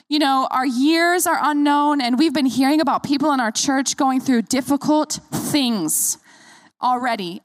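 A woman's voice: high voice, no room sound. A woman in her thirties, a pastor, preaching a sermon in an earnest, encouraging way and inviting the congregation to repeat after her.

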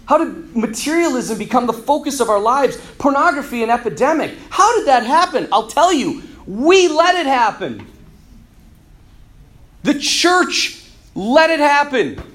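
A Catholic speaker who also does marriage counseling delivers an animated preaching talk to a youth audience, full of energy and jokes. He acts out the characters he quotes in his stories and clears his throat often. His voice is very high-pitched and his pace measured.

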